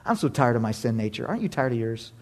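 A man in his thirties preaching a sermon, animated and humorous, jumping from loud exclamations to hushed asides. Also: medium pitch, fast. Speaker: pastor.

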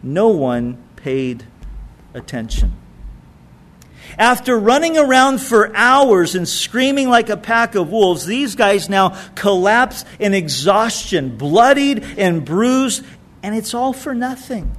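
A man preaching a sermon, reading scripture aloud and adding expressive asides. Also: high-pitched, slow. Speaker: pastor.

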